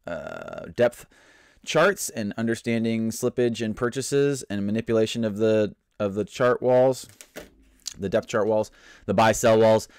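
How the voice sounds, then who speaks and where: Male streamer, casual and self-mocking, very animated pitch, dry close-miked sound. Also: measured pace, clear, resonant tone, no room sound. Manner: playful, rambling, self-mocking, reads out chat comments. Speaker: live stream host. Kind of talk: casual live stream chat, greeting viewers.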